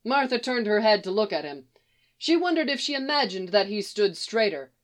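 A woman reads fiction aloud at an even pace in a mid-range voice. Her storytelling is steady and expressive. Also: mid-range voice, normal speed. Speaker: reader.

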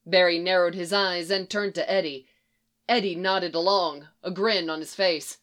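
A woman narrating a story aloud in a steady, lightly acted reading. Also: fairly low pitch, moderate pace.

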